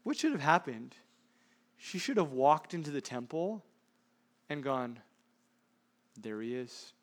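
A man with a high voice, preaching a sermon. He leans on rhetorical questions and lurches from loud stresses to hushed, quiet asides. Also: big pitch swings, unhurried. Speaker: pastor.

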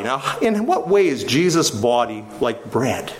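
A man's voice: on the high side, very animated, slow pace, hardly any pauses. A man preaching a sermon, teaching with questions that he then answers himself. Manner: teaching, asks the listeners questions and answers them.

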